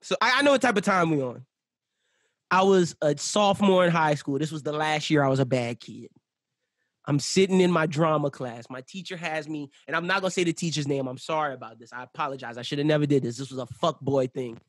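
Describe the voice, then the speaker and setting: A young man telling animated, profane stories in casual podcast chat, laughing often. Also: fairly high pitch, brisk, dry recording, studio quality. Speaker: podcast guest.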